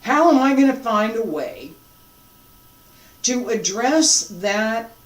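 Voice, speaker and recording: Qigong instructor, even mid pitch, unhurried guided breathing cues with chatty asides; roomy, off-mic sound. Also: far from the mic. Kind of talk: guided breathing lesson with reflective talk.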